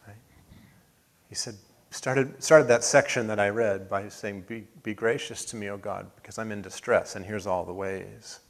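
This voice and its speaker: A man preaching a sermon as pastor, earnest, building to emphatic peaks and then dropping soft. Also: lowish voice, fairly even intonation, normal speed, creaky. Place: church sanctuary.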